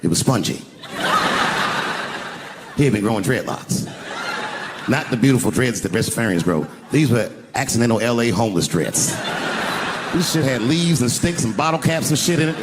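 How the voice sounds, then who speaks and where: An older man telling a profane, animated stand-up story on an arena stage, acting out voices as the crowd laughs. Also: mid-range voice, moderate pace, long pauses. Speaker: stand-up comedian. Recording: live arena recording with crowd noise. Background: crowd laughing and cheering.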